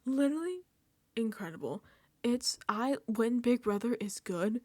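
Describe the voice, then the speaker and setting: A woman hosting a casual reality TV recap vlog, animated and emphatic, dropping into whispered asides and swearing casually. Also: a little high, unhurried, no room sound.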